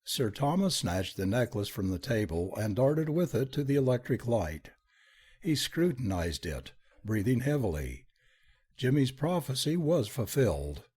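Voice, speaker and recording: A man reading a story aloud as an audiobook narrator, giving the dialogue an expressive, lively delivery. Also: medium pitch, slightly rough. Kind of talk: scripted narration.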